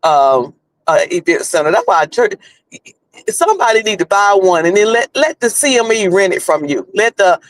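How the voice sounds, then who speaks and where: A man's voice: sits high, big pitch swings, moderate pace, fairly bright tone, dry recording, poor audio. A man with a North Carolina Southern accent, chatting casually on a livestream while driving, rambling with many restarts. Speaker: livestream host. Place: in a car.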